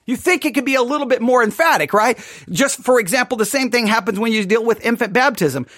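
A Bible teacher with a strikingly high voice argues his point with sarcastic exasperation. He is recorded close and dry, with no room sound at all. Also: quick pace, a bit bright, no echo. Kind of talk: livestreamed Bible study commentary.

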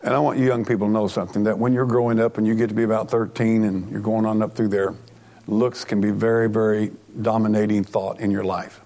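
Male pastor, middle-aged, low voice, earnest, plainspoken, sermon delivery. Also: level tone, fast talker, mellow. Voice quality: earnest, plainspoken, repeats and restarts often.

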